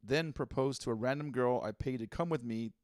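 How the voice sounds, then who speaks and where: A man's voice: medium pitch, brisk, a little mellow, no room sound, studio quality. A man co-hosting a comedy podcast, reading out listener posts and riffing bluntly with lots of fillers and swearing. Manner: blunt, profane, filler-heavy. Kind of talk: casual comedic chat.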